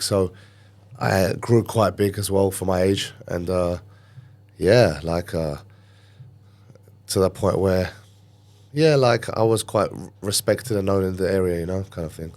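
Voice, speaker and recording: Man, London accent, low voice, podcast guest, lively storytelling, acts out quotes. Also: normal speed. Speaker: podcast guest, gym owner. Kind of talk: casual storytelling interview.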